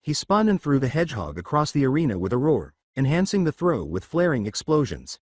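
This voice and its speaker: A man narrating a fan fiction story, reading at an even storytelling pace. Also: medium pitch, a little fast, no echo, studio quality.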